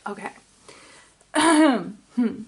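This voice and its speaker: A woman giving an intuitive tarot reading to camera, gentle and musing, with many fillers and restarts. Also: on the high side, expressive, drawn-out words, breathy edge. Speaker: tarot card reader.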